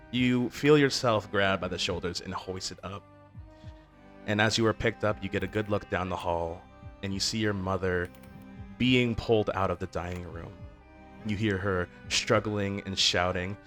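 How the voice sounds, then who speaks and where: A man's voice: sits low, fairly even intonation, normal speed, a bit bright, soft background music. A man narrating a second-person audio roleplay in an informal way, with fillers and restarts.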